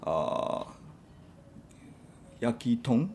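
A man who is a chef, chatting as a guest in an interview and speaking in halting, simple phrases with many fillers. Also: medium pitch, very animated, darkish tone, slight background noise. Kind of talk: casual interview chat.

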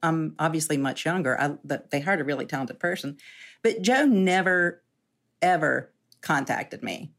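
A woman's voice: low-pitched, animated, normal speed, vocal fry, a bit bright. A woman in her sixties telling her story casually as an interview guest, chatty and self-deprecating, often laughing.

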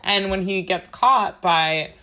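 A woman's voice: mid-range voice, takes it slowly, sharp tone. A woman co-hosting a podcast in casual chat, talking loosely with swearing, laughs and quoted movie lines. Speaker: podcast co-host.

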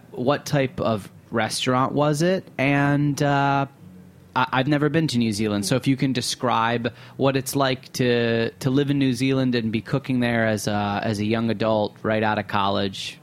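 Male interview host, mid-pitched, curious, stacks his follow-up questions in an easy conversational tone. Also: steady tone, moderate pace. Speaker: podcast host.

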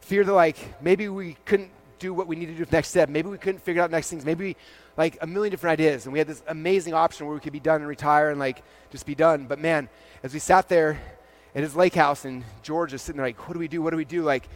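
A man giving a keynote talk to a live audience at his company's event. He tells stories, acts out the dialogue with lots of "I'm like" and "he's like", and fills pauses with "um" and "like". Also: on the high side, steady tone.

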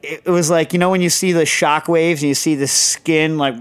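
A man's voice: a little high, steady tone, brisk, clean tone. A man hosting a podcast in casual chat, rambling and digressive with lots of fillers. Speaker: podcast host.

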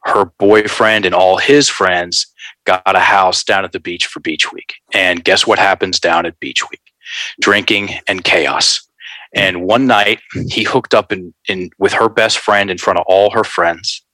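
A man telling a story in an animated, folksy way, calling his listeners folks. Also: sits low, unhurried, dry recording, low-quality recording. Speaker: guest.

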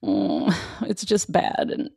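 A woman speaks softly and reflectively as she coaches a listener through their emotions. Her voice is gravelly and mellow, and it often sinks to a hushed near-whisper. The recording is dry and close. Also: sits low, huge pitch swings, takes it slowly, no room sound. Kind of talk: conversational teaching.

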